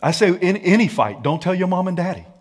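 Husky-voiced energetic preacher man. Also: high-pitched, fairly quick. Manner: energetic, colloquial, calls for audience response. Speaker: pastor. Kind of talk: sermon.

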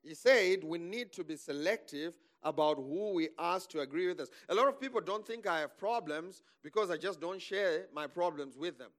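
A man preaching a sermon, animated, calling the congregation for amens and laughing between points. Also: high-pitched, normal speed, few pauses.

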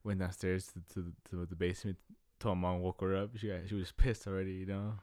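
Slangy young man, lowish voice. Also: little pitch movement, darkish tone, no echo, studio quality. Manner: slangy, halting, restarts words. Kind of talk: casual storytelling chat.

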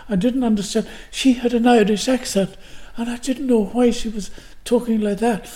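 A man's voice: high-pitched, fairly even intonation, normal speed, dark tone. Older Glasgow-born man telling stories. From Glasgow, Scotland. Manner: vivid storyteller who acts out the quotes. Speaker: guest actor. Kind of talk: anecdotal storytelling.

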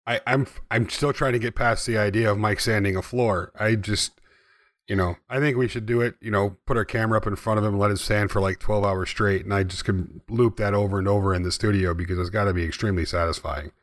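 A man's voice: fairly low pitch, fairly even intonation, fairly quick. A man co-hosting a podcast, playful and teasing in casual chat. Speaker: podcast co-host.

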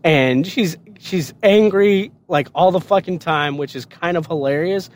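A man's voice: on the high side, a little slow. A man casually telling a story on a podcast, swearing often and laughing.

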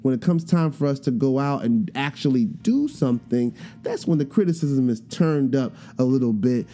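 A man's voice: mid-range voice, expressive, moderate pace, dark tone, faint music behind. A man hosting a podcast, telling a personal story in a casual monologue and acting out the voices of the people in it. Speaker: podcast host.

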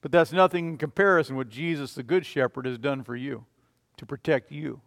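A man preaching a sermon as a pastor, emphatic, swinging between loud declarations and quiet, low passages. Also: fairly quick, long reverb tail. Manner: emphatic, rising and falling in volume.

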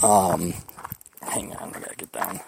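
A man's voice: sits low, steady tone, measured pace, creaky, a little mellow, a little hiss or hum. A man hosting a podcast in a casual, rambling monologue, profane and jokey, recorded outdoors on a mountain trail. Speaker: podcast host.

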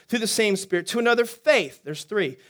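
A man preaching as a pastor, teaching quickly and energetically and throwing questions to the congregation. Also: high voice. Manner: energetic, talks fast, asks the congregation questions. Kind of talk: sermon teaching.

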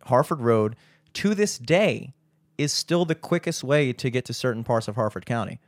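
A man's voice: medium pitch, lively intonation, moderate pace, dry recording. Profane ranting young man. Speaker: podcast host. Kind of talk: casual chat.

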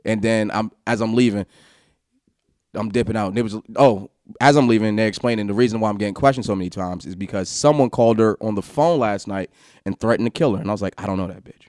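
A man casually telling a story from his college days, animated, swearing and acting out what others said. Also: lowish voice, quick pace, no room sound, studio quality. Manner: animated, laughing, swearing, acts out quotes.

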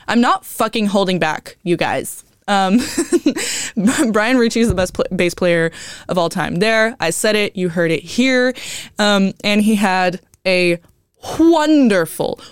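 Chatty young woman radio host, smooth voice. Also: on the low side, no echo, studio quality. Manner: chatty, rambling, swears freely, laughs often. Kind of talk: casual radio monologue.

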